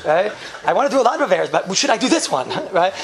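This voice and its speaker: A man's voice: high voice, very animated, fast. A man giving an informal class full of jokes and rhetorical questions, chuckling often. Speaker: yeshiva teacher giving a class.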